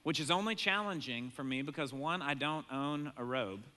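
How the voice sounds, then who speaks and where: A man in his thirties preaching a sermon as a pastor, telling a family story in a conversational way, often chuckling and mimicking his excited kids in a high voice. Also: moderate pace.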